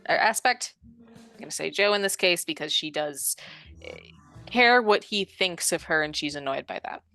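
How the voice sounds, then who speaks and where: A woman's voice: fairly low pitch, animated, normal speed, pushed and bright. A woman chatting casually as a tabletop game player, hesitant and thinking aloud. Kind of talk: casual chat between players.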